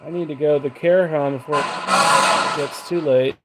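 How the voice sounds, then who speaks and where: A man's voice: a little high, fairly even intonation, moderate pace. Man coaxing spirits over hiss. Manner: coaxing, talks to spirits in questions. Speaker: paranormal investigator. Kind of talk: casual ghost box session talk. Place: house, indoors.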